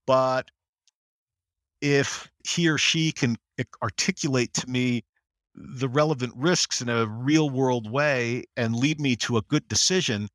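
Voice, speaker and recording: A middle-aged American man, a general counsel as interview guest, talking in an animated way and acting out quotes. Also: a little slow, no echo, clean studio sound. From United States. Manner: animated storyteller, acts out quotes in higher voice. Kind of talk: conversational interview.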